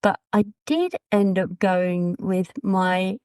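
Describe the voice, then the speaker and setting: A woman in her fifties chats through her story as a podcast guest, mid-pitched and lively when she acts out what others said. The sound is close and dry, with no room around it. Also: slow pace, clear, resonant tone, no echo. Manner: chatty, animated quoting of dialogue. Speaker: guest, brand designer. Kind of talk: casual interview storytelling.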